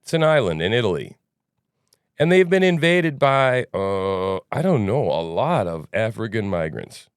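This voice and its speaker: A man's voice: lowish voice, very animated, unhurried, smooth, no echo, studio quality. A man hosting a news commentary podcast, talking casually in a rambling, sarcastic way. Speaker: podcast host.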